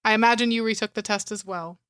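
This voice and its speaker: Bright, laid-back young woman. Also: fairly high pitch, fairly even intonation, fast, clear, resonant tone, dry recording, studio quality. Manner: laid-back, laughs often. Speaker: podcast co-host. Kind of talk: casual chat.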